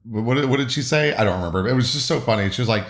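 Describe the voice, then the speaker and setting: A man's voice: medium pitch, fast talker, crowd noise. A man co-hosting a book podcast, teasing and ranting animatedly and swearing freely. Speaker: podcast co-host and reader. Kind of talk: casual chat.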